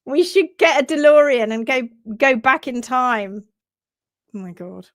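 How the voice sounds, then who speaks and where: A Bristolian woman with a voice pitched a little high hosts a casual live session. She tells rambling, animated stories full of false starts. She is blunt and earthy, with the odd mild swear word. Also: unhurried, no room sound, clean studio sound. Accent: Bristolian English. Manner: animated, rambling storyteller who breaks off and restarts mid-sentence. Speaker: hoof care educator hosting a live session. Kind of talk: casual live-stream chat.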